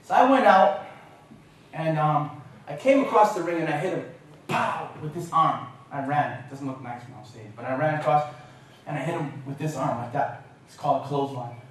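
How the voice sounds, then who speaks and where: Give me a man spinning an animated, self-mocking story in a lecture hall, recorded from far away with a little noise behind. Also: a little high, moderate pace. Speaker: guest speaker. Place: university lecture room.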